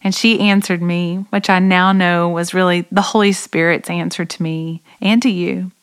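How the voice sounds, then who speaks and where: A woman's voice: lowish voice, fairly even intonation, normal speed, clear, resonant tone. A woman in her forties hosting a devotional podcast, speaking in an earnest, reflective way. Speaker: podcast host. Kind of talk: devotional talk.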